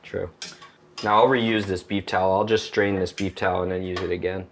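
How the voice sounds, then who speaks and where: A man's voice: sits low, fairly even intonation, fairly quick, noisy background. A chatty, jokey man hosting a casual cooking demonstration in a home kitchen. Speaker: chef host. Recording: loud sizzling pan behind voice. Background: frying and sizzling.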